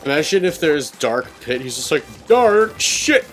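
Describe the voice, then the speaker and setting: A man's voice: mid-range voice, fairly quick, faint music behind. A man co-hosting a let's play, chatting casually and rambling through stories while he plays. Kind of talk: casual gaming commentary.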